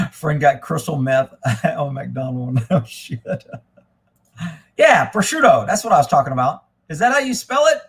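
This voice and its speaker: A man hosting a casual live stream, rambling and swearing freely, getting animated when he retells a story. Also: fairly high pitch, a little slow, slightly rough. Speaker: livestream host. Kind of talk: casual livestream chat.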